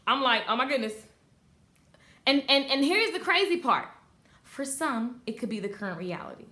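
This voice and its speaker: A woman teaching a live online class for hairstylists, talking straight to her viewers in an emphatic, animated way and reading out their comments. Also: sits high, normal speed. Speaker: beauty business coach.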